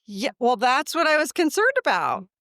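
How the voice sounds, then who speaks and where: A woman's voice: high-pitched, big pitch swings, moderate pace, a bit bright, dry recording, studio quality. A middle-aged woman talking earnestly and a little rambling in a casual conversation, with frequent restarts. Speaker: guest, deputy's mother.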